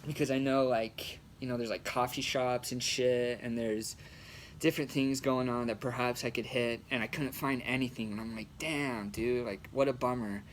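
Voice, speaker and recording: A young man, an amateur comic, telling a story in a relaxed, slangy way with plenty of swearing. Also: medium pitch, normal speed, a little hiss or hum. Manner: laid-back, slangy, swears freely. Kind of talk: casual storytelling.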